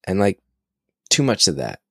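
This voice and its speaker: Brief: man in his thirties, low voice, excitable casual storyteller, dry close mic. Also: normal speed, gravelly, no room sound. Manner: animated, excitable storyteller, swears freely. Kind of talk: casual conversation.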